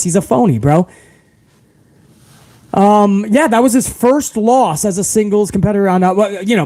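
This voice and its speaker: A man's voice: high-pitched, a little mellow. A man hosting a casual live stream, reading out viewer comments and ranting with a lot of profanity, calling everyone bro.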